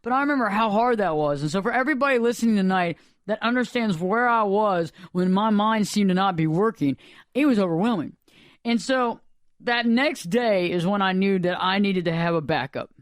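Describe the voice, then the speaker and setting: A man hosting a radio show, telling a story in a rambling, animated, dramatic way. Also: high-pitched, a little fast, smooth, dry recording, clean studio sound. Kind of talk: casual storytelling chat. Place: radio studio.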